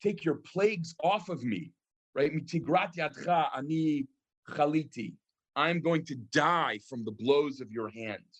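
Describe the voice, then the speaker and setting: A man, a rabbi, teaching a class on scripture, reading verses aloud and translating them, with frequent pauses and ums. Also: on the high side, animated. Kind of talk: lecture on scripture.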